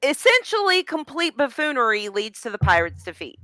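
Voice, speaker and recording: A woman's voice: high-pitched, sing-song, bright, forceful tone, dry recording. A woman co-hosting a fan podcast, chatting casually and taking her time to find her words. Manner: unhurried, searching for words. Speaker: podcast co-host.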